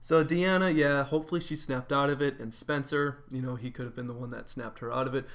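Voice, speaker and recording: A man's voice: mid-range voice, steady tone, fairly quick, a bit bright. A man giving a casual spoken episode review, rambling with lots of fillers.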